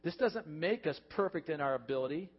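A pastor preaching a heartfelt sermon, earnest and repetitive, building to emphatic points. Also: male voice, on the high side, animated, fairly quick, slightly rough. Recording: dull reverberant church recording.

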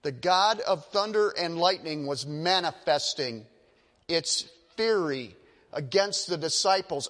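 High-voiced emphatic preacher man. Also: expressive, measured pace, fairly bright tone, long reverb tail. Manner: emphatic, dramatic storytelling. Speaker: pastor. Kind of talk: sermon.

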